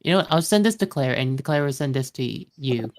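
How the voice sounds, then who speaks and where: A podcast co-host in casual chat, distracted and halting, often trailing off mid-sentence. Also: medium pitch, lively intonation.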